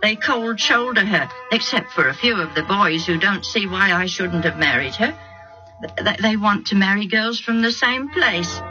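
A woman's voice: mid-range voice, moderate pace, dull audio, music in the background, voice pushed up, close to an everyday voice. A woman voicing an impulsive young man who defends his plans to his parents in a raised, pleading tone. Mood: confiding.

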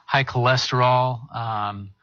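A man, a bariatric surgeon appearing as a guest on a talk show, calmly explaining medical procedures in measured, technical terms. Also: medium pitch, no room sound, lo-fi sound.

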